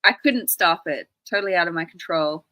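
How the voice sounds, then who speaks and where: A woman's voice: fairly low pitch, lively intonation, brisk, sharp tone, no room sound, low-quality recording. A woman from Australia hosting a casual live stream, chatty and full of rambling anecdotes. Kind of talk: casual chat.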